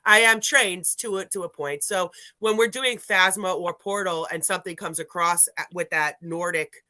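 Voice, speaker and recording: A speaker with a bright, forceful voice tells a meandering story in casual live-stream chat, stopping to correct themself and then picking up energy when recounting what people said. The sound is close and dry, with no room around it. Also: medium pitch, steady tone, moderate pace, dry recording. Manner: rambling, self-correcting storyteller. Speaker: paranormal investigator.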